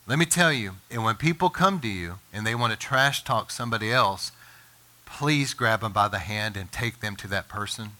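A man preaching a sermon as pastor, earnest and impassioned, his voice climbing higher and louder when he presses a point. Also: expressive, normal speed. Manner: impassioned preaching, rises in pitch and volume when emphatic.

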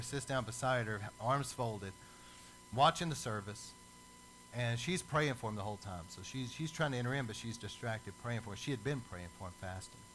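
A man preaching a sermon as a lively storyteller who acts out the people in his stories. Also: mid-range voice, a little hiss or hum, low-quality recording.

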